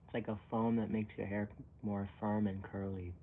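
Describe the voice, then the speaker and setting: A young man chats live with his viewers in a low, easygoing voice, wandering from thought to thought and poking fun at himself. The sound is tinny and narrow like a phone call, with a faint hiss underneath. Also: level tone, moderate pace. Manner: rambling, self-mocking, chuckles often and reacts to chat. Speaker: streamer. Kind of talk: casual live-stream chat.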